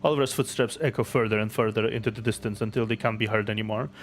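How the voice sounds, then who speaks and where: A man's voice: lowish voice, fast, faint music behind. Man streamer reading a game story. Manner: steady narration with offhand asides.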